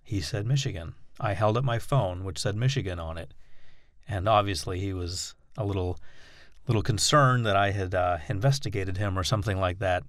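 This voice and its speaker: Male instructor, lowish voice, patient step-by-step explainer, dry close recording. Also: moderate pace, dry recording. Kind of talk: instructional talk.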